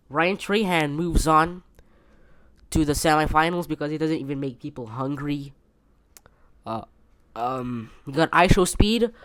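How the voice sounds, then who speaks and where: A man's voice: a little high, dry recording. A man hosting a casual solo podcast from his bedroom, rambling with many fillers and restarts. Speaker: podcast host.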